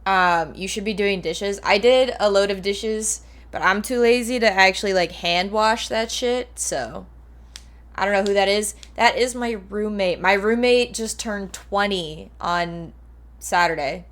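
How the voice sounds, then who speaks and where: A woman's voice: mid-range voice, measured pace, a bit bright. A woman in her twenties chatting casually on a livestream, rambling and playful, swearing now and then. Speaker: streamer.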